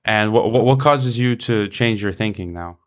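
Smooth low-voiced male interviewer. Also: moderate pace. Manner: loose, searching phrasing. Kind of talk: conversational interview question.

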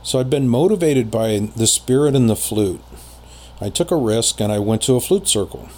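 A man telling a personal story in casual conversation as a podcast guest, rambling with many pauses and fillers. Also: medium pitch, animated, a little mellow.

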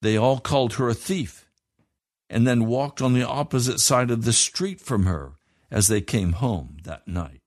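A man's voice: mid-range voice, a little mellow, no echo, studio quality. A man telling a moral story to children in an earnest storytelling manner.

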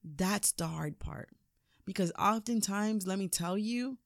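Woman doing a pep-talk podcast, preachy and lively, dry sound. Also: medium pitch, a little slow, dry recording. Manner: energetic, preachy, laughs often. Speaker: podcast host, motivational speaker. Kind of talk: motivational talk.

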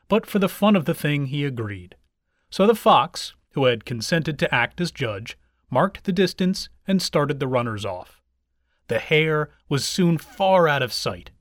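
A man narrating fables aloud in an expressive, animated storybook style. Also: mid-range voice, no room sound, studio quality. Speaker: reader.

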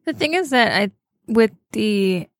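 A woman's voice: on the high side, lively intonation, unhurried, dry recording. A woman in casual podcast chat, rambling and thinking aloud as she talks.

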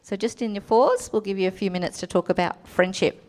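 A woman calmly leading a marriage workshop and giving instructions to the groups. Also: medium pitch, brisk. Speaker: marriage counsellor speaker. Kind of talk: workshop talk.

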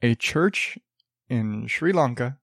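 A man's voice: medium pitch, expressive, takes it slowly, gravelly, breathy edge, no room sound, clean studio sound. A man hosting a solo podcast, ranting sarcastically, rambling with frequent restarts. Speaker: podcast host. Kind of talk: casual solo podcast commentary. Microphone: podcast studio mic.

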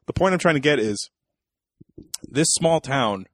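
A man co-hosting a casual movie review podcast, talking in a relaxed, sarcastic way and laughing often. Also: medium pitch, unhurried, dry recording, clean studio sound. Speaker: podcast co-host.

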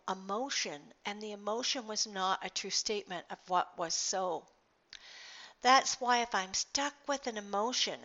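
Earnest middle-aged woman, bright lo-fi. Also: medium pitch. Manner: earnest, rambling with restarts. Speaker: speaker sharing personal reflections. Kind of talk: casual reflective monologue. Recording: dull lo-fi recording.

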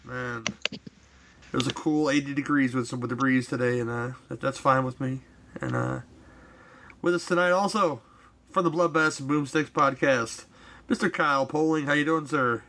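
A man's voice: medium pitch, steady tone, moderate pace, sharp tone. A man hosting a casual movie commentary podcast, rambling easily with fillers and restarts. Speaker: podcast host.

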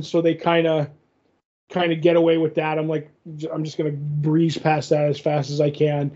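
High-voiced rambling man recapping comics. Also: little pitch movement, measured pace, a little mellow, dull audio. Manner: rambling, many fillers, restarts and acted quotes. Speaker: podcast co-host. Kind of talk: casual chat recapping a comic.

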